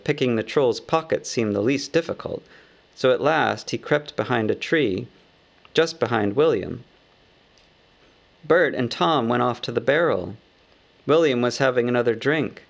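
A man narrating a storybook aloud in a measured, wry manner. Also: mid-range voice, gravelly. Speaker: audiobook narrator.

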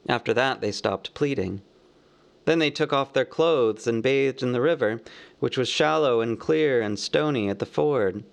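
A man narrating a storybook aloud in a steady storytelling manner. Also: mid-range voice, gravelly. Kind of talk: audiobook narration.

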